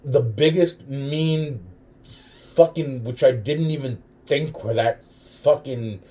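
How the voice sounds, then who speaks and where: A man's voice: mid-range voice, slow, warm tone. A man in a rambling, profane monologue, swearing constantly and chuckling between phrases. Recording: distant mic with faint background noise.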